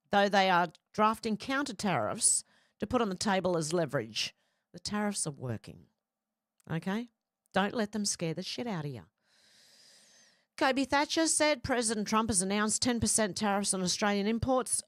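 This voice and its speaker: A woman's voice: medium pitch, expressive, normal speed, no echo, studio quality. A woman hosting casual news commentary, rambling and exclaiming with the odd swear. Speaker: commentary host.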